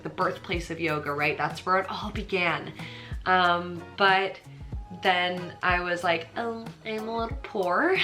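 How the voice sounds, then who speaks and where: A woman's voice: fairly low pitch, bright, forceful tone. A young American woman, a yoga teacher, telling her personal story in a chatty, earnest, emotional vlog, full of "like". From United States.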